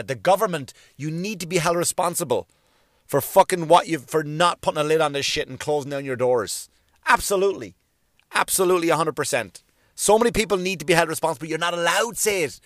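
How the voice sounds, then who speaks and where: A man's voice: fairly high pitch, a bit bright, no room sound, studio quality. A male comedian delivering a profane, emphatic solo rant, hammering his points home through repetition.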